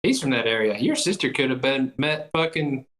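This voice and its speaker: A man's voice: mid-range voice, expressive, normal speed, a bit bright. A man co-hosting a casual podcast chat, blunt and opinionated, swearing freely. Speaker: podcast co-host.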